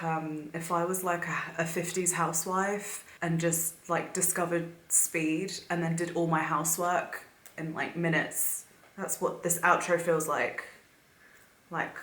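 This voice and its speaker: A young woman talks in an excited, gushing, emotional way, thinking out loud as she listens. Her voice sits a little low for a woman. The sound is roomy and echoey. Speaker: vlogger. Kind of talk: casual reaction commentary.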